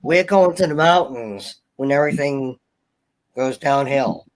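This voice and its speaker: A man's voice: mid-range voice, unhurried, a little hiss or hum. A man on a casual call-in chat, blunt and teasing, saying provocative things.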